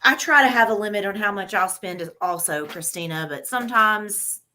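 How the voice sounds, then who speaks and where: A woman's voice: mid-range voice, fairly quick, sharp tone. A woman joining a live stream as a guest, chatting casually in an easygoing, agreeable way. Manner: easygoing, agreeable, laughs along. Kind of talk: casual chat.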